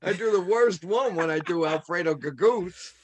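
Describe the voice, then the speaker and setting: Easygoing male co-host with a notably high voice, loose banter. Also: normal speed. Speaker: podcast co-host. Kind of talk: casual chat.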